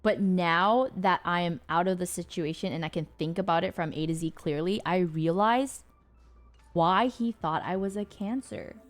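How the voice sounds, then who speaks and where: A woman streamer casually telling a story to her chat, animated and laughing often, acting out the lines of the people in it. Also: lowish voice, moderate pace, soft background music. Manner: animated, acts out quoted lines, frequent laughter. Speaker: rideshare driver.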